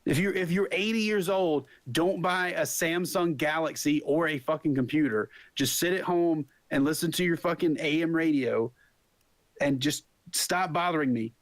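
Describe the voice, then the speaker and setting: A man's voice: fairly high pitch, normal speed, no room sound. A man vents on a podcast in a slightly raised voice, rambling and swearing through his complaints. The sound is dry and close, with no room around it. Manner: profane, ranting, rambling. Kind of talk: casual chat.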